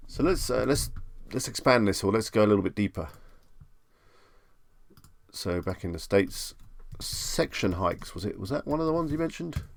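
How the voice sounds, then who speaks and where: Male streamer, low and gravelly, dry close mic, casual chat host who reads out questions and riffs on them. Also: expressive, normal speed, dry recording. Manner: chatty, reads questions aloud and muses on them.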